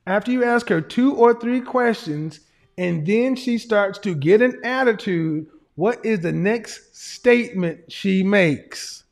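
A man's voice: high voice, expressive, slow. A man giving casual livestream commentary in a blunt, emphatic, profane lecturing manner. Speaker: streamer and commentator.

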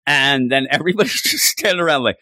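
Excited guy rambling on a podcast, voice jumping all over, dead dry mic. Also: mid-range voice, fast, no room sound. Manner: enthusiastic rambling, acts out characters' lines. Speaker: comic book podcast co-host. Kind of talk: casual chat.

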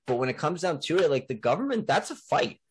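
A man's voice: a little high, very animated, fast talker, a little hiss or hum. A man hosting a casual podcast chat, talking emphatically and rambling with many fillers. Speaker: podcast host.

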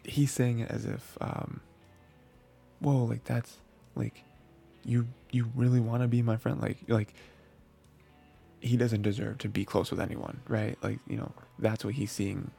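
Gravelly, husky-voiced man rambling about anime. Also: fairly low pitch, fairly even intonation, a little slow, mellow, soft background music. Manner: rambling, many fillers and restarts, acts out characters' thoughts. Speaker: anime podcast host. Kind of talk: casual weekly anime recap.

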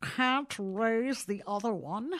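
A woman's voice: on the high side, slow pace, voice pushed up. A woman voicing an irritable, disgusted older man woken in bed, speaking in a snappish, bad-humored way in an audiobook reading.

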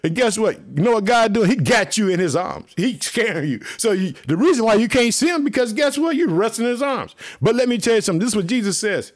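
A man with a high voice preaches an earnest sermon. He keeps coming back to the same rallying phrases and talks straight to his listeners as family. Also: big pitch swings, fast, few pauses. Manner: repetitive, exhorting, keeps saying "let me tell you something"; speaks directly to listeners as family. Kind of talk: fervent online sermon.

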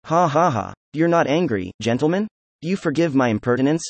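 A man with a fairly high, expressive voice reads the part of an excitable, proud young nobleman being questioned. He speaks a little fast, effusive and defiant, with emphasis and laughter, and there's no echo.

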